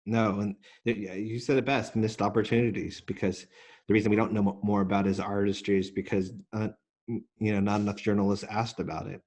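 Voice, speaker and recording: Earnest male guest with a lowish voice who talks in halting restarts. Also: level tone, darkish tone. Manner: earnest, with frequent restarts and fillers. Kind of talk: casual interview talk.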